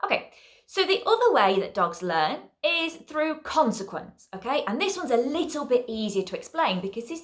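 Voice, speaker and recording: A woman's voice: medium pitch, fairly bright tone. A woman dog trainer teaching an online puppy class, chatty and explaining with frequent check-ins.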